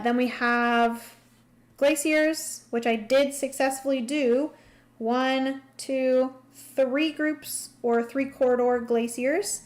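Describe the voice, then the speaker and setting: A young woman livestreaming a solo board game, thinking aloud through her moves and chatting with viewers. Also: high-pitched. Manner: chatty, thinks aloud while playing, greets chat warmly.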